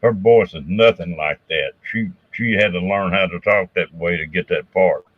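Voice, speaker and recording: A man's voice: sits low, normal speed, dry recording. A man in a livestream chatting casually and matter-of-factly. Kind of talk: casual chat. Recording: dry, muffled lo-fi audio.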